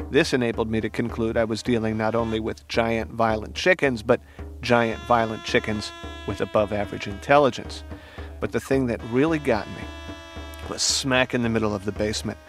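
A man's voice: mid-range voice, a bit bright. A man reads a story with mock-serious drama, in a mid-range voice. Faint music plays underneath. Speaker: story reader.

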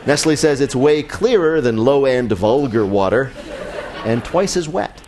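A man's voice: mid-range voice, lively intonation, measured pace, background noise. A man hosting a radio quiz show, with a wry, joking delivery.

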